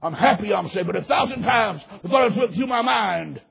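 A male pastor with a high, gravelly, very raspy voice, preaching with fervor. He drops to hushed tones, then rises to shouted, impassioned peaks. The recording is dull and lo-fi. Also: expressive, brisk. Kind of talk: sermon with altar call.

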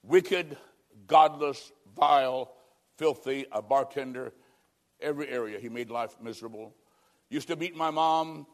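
An older man preaching a sermon and telling his story, urgent and pleading, swinging from loud outbursts to hushed tones. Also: mid-range voice, a little slow. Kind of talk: sermon testimony. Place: church service.

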